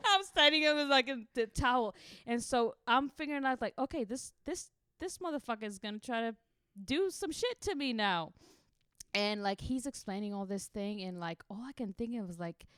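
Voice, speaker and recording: A woman's voice: on the high side, lively intonation, moderate pace, fairly bright tone, smooth, no echo, clean studio sound. A young woman from Israel, a podcast co-host, telling a wild travel story casually, swearing freely and laughing through it.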